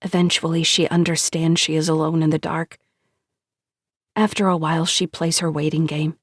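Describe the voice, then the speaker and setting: A woman narrating an audiobook in a measured, hushed storytelling manner on a close studio mic. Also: deep voice, flat delivery, dry recording.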